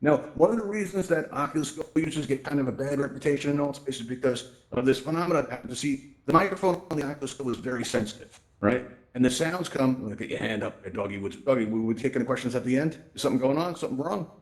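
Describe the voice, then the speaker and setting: A man hosts a casual virtual-reality help session, moving quickly from point to point. His voice sits at a middle pitch and he keeps checking in with "right?" and "you know". He speaks into a headset microphone. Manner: chatty, tags lines with "right?" and "you know". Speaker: host presenting a VR tutorial event. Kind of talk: casual spoken presentation.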